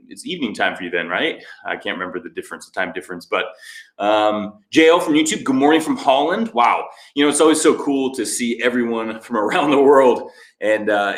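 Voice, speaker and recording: A man's voice: mid-range voice, a bit bright. A man hosting a fitness livestream, chatting casually and upbeat as he greets viewers by name and reads their comments aloud. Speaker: fitness show host. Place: home workout space. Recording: echoey room.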